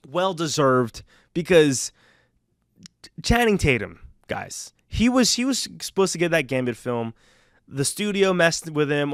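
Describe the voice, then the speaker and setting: A young man chats through a movie review in a somewhat high voice, excited and rambling, often restarting his sentences. The sound is dry and close, with no room around it. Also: dry recording. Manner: rambling, enthusiastic, lots of fillers and restarts. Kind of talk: casual spoiler review.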